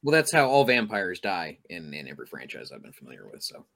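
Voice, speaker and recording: A man co-hosting a podcast, animated and laughing, cursing casually. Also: deep voice, fast, vocal fry. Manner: animated, laughing, swears freely. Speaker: podcast co-host. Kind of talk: casual chat.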